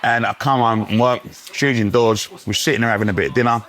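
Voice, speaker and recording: A man's voice: mid-range voice, steady tone, fast talker. A man, chatting cheekily as a guest over dinner in a pub. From England. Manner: cheeky, loud banter with laughs. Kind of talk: casual chat. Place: pub dining room.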